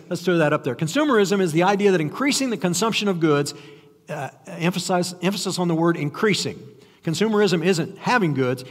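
Older male preacher, high voice, chatty, self-deprecating sermon delivery, long hall reverb. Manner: conversational, self-deprecating, frequent restarts and rhetorical questions.

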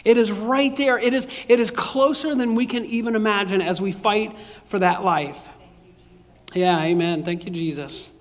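A male pastor with a strikingly high voice preaches casually and conversationally at a normal speed. He stumbles over and repeats words and chuckles at his own jokes. His voice echoes with the long reverb of a large hall.

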